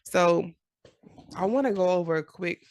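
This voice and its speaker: A woman in her forties giving a casual, encouraging motivational talk to camera, animated and often laughing. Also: on the low side, normal speed, no room sound, clean studio sound. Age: 40s. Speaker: journaling vlogger.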